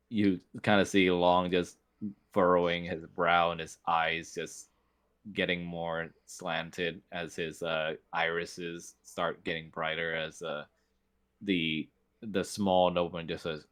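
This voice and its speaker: A man's voice: low-pitched, level tone, slow pace, fairly bright tone, smooth. A man narrating as game master in a casual, filler-heavy way.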